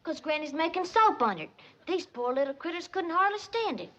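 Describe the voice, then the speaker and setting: A woman's voice: extremely high pitch, very animated, brisk, fairly bright tone, slight background noise, heavily acted. An actress playing a sweet young country girl who speaks in an earnest, simple rural Southern drawl, on muffled old TV sitcom audio.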